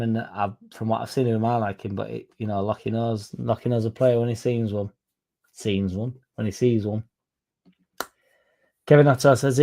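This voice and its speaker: A man's voice: medium pitch, gravelly, warm tone. A man hosting a casual live-stream, reading out viewer comments and rambling with swearing and self-interruptions. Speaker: fan channel host.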